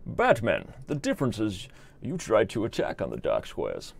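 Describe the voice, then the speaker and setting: A man voicing a menacing masked male villain who speaks in slow, ominous pronouncements. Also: fairly low pitch, wildly swooping pitch, gravelly, slightly rough, voice pushed down, full character voice.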